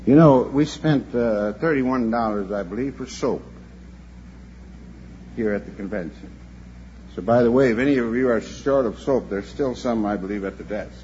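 A man's voice: mid-range voice, normal speed, a little mellow. An older man preaching a sermon to a convention. He tells a story earnestly and sometimes repeats himself as he goes. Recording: dull lo-fi recording with faint hum.

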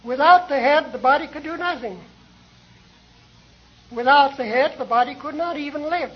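Speaking with an extremely high pitch, an older man preaches earnestly and at a slow, measured pace, raising rhetorical questions. It comes from a dull, lo-fi old tape recording.

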